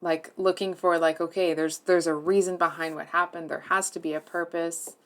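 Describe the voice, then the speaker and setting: A woman giving a tarot reading to her viewers, speaking softly and hesitantly, earnest and emotionally moved, with many fillers and restarts. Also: lowish voice, flat delivery, moderate pace. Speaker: tarot reader.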